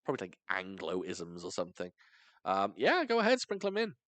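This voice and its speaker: A man's voice: deep voice, brisk, no echo. A young British man co-hosting a casual podcast, telling stories with lots of laughter and acted-out quotes. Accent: British, not London. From Britain. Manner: animated storytelling, laughs often, acts out quotes. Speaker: podcast co-host.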